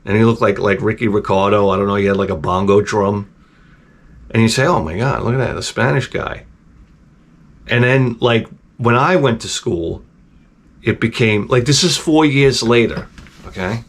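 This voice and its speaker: A man's voice: on the low side, moderate pace. A middle-aged man hosting his own channel, telling rambling, profane stories in a casual, digressive way. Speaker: channel host.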